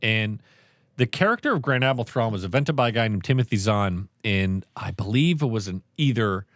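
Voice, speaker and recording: Animated, swearing man telling stories. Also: lowish voice, brisk, no room sound, studio quality. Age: 30s. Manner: animated storytelling, swears often. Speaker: podcast co-host. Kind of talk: casual podcast chat.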